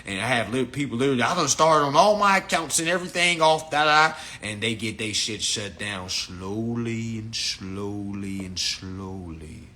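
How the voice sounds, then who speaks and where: A man's voice: moderate pace, hardly any pauses. Blunt, profane man lecturing a live stream. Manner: profane, blunt, lecturing, animated swings in pitch. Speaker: live stream host teaching a class.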